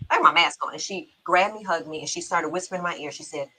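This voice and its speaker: A middle-aged woman hosting a talk show, telling a personal story in a chatty, quick-bursting way with laughs in her speech. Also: on the low side, bright, forceful tone, husky, rough recording. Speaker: show host. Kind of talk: casual heartfelt talk-show chat.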